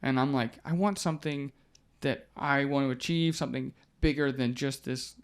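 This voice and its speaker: A man's voice: medium pitch, moderate pace, clean tone. Laughing young man telling a story. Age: 20s. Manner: animated storyteller, laughs often, swears casually. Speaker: MMA fighter guest. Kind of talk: casual podcast storytelling.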